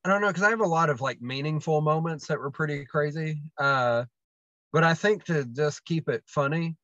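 Higher-voiced man, rambling with fillers. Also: moderate pace, fairly bright tone, no room sound. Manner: rambling, many fillers and restarts. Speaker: guest wrestler. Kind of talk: casual storytelling chat. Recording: dull, dry lo-fi sound.

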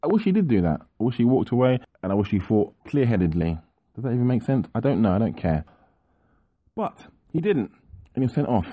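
A man's voice: medium pitch, sing-song, fairly quick, dark tone, dry recording. A man co-hosting a football podcast, venting in an exasperated, repetitive rant. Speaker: podcast co-host.

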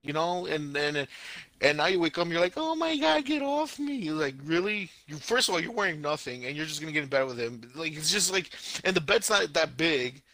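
A young man co-hosting a casual podcast, recounting a show with exasperated, animated energy and silly put-on voices for the scenes. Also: on the high side, brisk, no echo. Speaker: anime podcast co-host. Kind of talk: casual podcast review chat.

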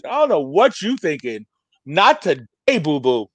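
A young man telling a profane, animated story on a podcast, acting out the people in it. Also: a little high, moderate pace, no room sound. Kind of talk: casual storytelling with acted quotes.

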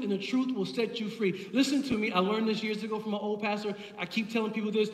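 Male pastor, very high voice, passionate repetitive preaching, roomy church echo. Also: flat delivery, fast, few pauses. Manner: impassioned, builds with repeated phrases. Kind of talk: sermon. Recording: echoey hall from far off.

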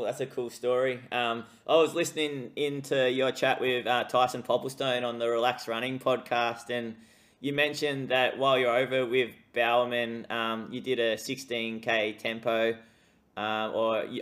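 A man hosting a podcast interview, relaxed and a little rambling as he asks questions. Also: medium pitch. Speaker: podcast host. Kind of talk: casual interview.

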